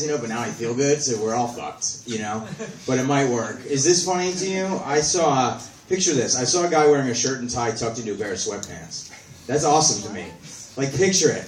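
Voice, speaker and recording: A man's voice: medium pitch, a little hiss or hum. A young man doing a rambling, self-deprecating stand-up set full of swearing, recorded on a phone from the audience. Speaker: stand-up comedian. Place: small comedy venue. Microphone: phone camera from the audience. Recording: echoey room, distant phone recording.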